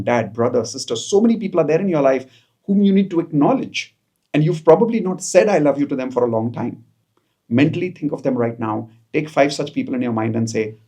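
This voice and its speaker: A man's voice: medium pitch, dark tone, slightly rough. A man, coaching viewers through spoken affirmations and repeating each phrase with them. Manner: coaxing, repeats each phrase, mixes in Hindi. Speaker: self-help coach. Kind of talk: guided affirmation session for viewers. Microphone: camera, self-recorded.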